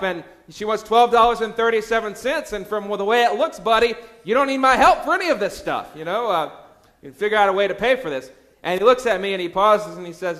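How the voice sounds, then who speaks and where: A man's voice: high voice, moderate pace, a bit bright. A man in his thirties, a pastor, preaching a sermon in a chatty storytelling way, with frequent fillers and restarts.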